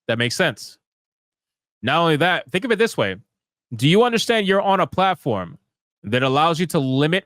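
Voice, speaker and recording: A man's voice: a little high, a bit bright, no room sound, clean studio sound. A man giving sarcastic, ranting live commentary as a streamer, firing off rhetorical questions. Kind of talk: live commentary reading tweets.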